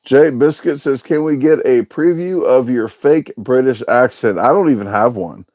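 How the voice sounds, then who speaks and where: A man's voice: medium pitch, normal speed, darkish tone, dry recording, muffled recording. A man hosting a casual livestream, reading out viewer comments and answering them in a rambling, hesitant way with lots of filler sounds. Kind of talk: casual live-stream chat.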